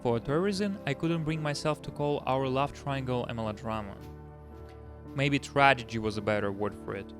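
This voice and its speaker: A man's voice: medium pitch, a little fast, faint music behind. A man playing a game, reading its story aloud with his own comments. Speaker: let's play host reading a visual novel aloud.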